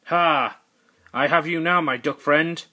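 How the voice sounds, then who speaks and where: A man's voice: on the high side, slow, pushed and bright, voice pushed up, exaggerated voice. A man voicing a bumbling, cowardly male president who rambles and corrects himself.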